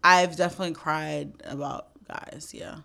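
A woman's voice: sits low, fairly even intonation, moderate pace, gravelly, bright, forceful tone. A woman in casual podcast chat, candid and swearing freely, with lots of "like" fillers.

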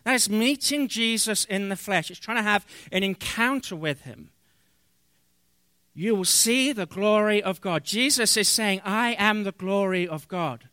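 Male pastor, high bright tone, earnest sermon delivery with scripture reading, dry close sound. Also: smooth, no echo. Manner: earnest preaching with pauses and fillers, reading scripture aloud.

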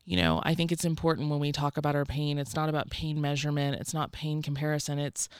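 A woman's voice: low-pitched, fast talker, clean tone, no room sound, clean studio sound. A woman guest in a casual interview, talking in a wry, rambling, self-deprecating way. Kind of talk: casual chat.

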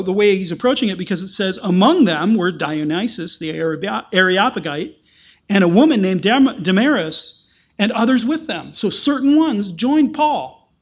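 Male pastor, high register, conversational sermon delivery full of rhetorical questions.

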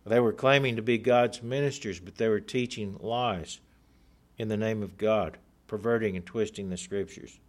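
Reading scripture aloud and then explaining it, a preacher speaks in a fairly low voice with fairly even intonation. He is earnest and emphatic, slowing down to drive home the key points.

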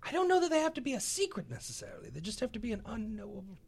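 A tabletop game player musing out loud in a playful way. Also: mid-range voice, huge pitch swings, racing. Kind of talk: tabletop role-play.

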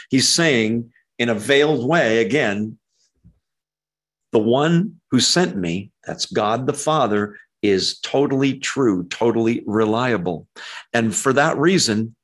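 A man preaching through a passage in a relaxed, conversational way. He gets animated and lifts his voice high when he acts out quoted lines, and he scatters ums between points. His voice sits at a middle pitch. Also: moderate pace. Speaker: pastor. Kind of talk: expository sermon.

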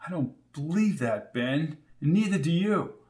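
A man's voice: on the high side, expressive, unhurried, mellow, far from the mic, voice pushed up. A man doing a shaky, worried woman. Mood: anxious. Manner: shaky, anxious.

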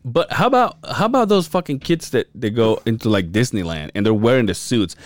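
This is a man co-hosting a podcast, telling crude, animated stories and laughing along. His voice swings widely up and down at a middle pitch. He sounds close and dry. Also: fairly quick, no room sound. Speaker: podcast co-host. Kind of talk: casual crude banter.

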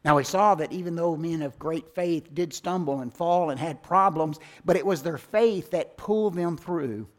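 A man preaching a sermon in a slightly high voice. He builds to loud, emphatic lines and then lets his phrases sink low and quiet. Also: normal speed, few pauses. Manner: dramatic swings between loud emphasis and hushed low endings. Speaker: pastor.

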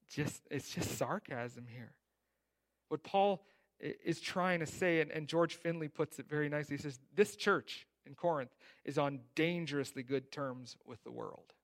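A man preaching a sermon in a conversational way, often asking "right?", rising loud on key points and dropping soft at the ends of lines. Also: on the high side, a little slow. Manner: conversational preaching with frequent "right?" and rhetorical questions; rises loud on emphasis, drops soft at line ends. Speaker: pastor.

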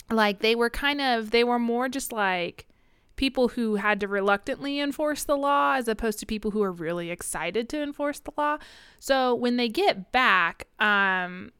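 A woman's voice: mid-range voice, bright, forceful tone, clean tone, no echo, studio quality. A woman co-hosting a podcast, chatting casually about a novel, often laughing and briefly mimicking characters. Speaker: podcast co-host. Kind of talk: casual book-club chat.

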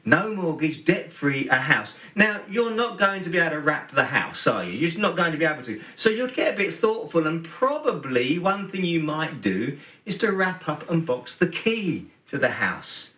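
A man's voice: a little high, big pitch swings, moderate pace. Man preaching in an echoey hall. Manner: storytelling, emphatic swings between loud and hushed. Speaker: pastor. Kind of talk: Christmas sermon. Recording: roomy hall, from a distance.

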